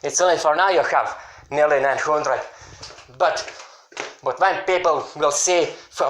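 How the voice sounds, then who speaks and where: A man delivering an angry, repetitive, scolding rant at a critic, sometimes breaking into shouts. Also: on the high side, moderate pace. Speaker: YouTuber answering a critic. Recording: echoey room.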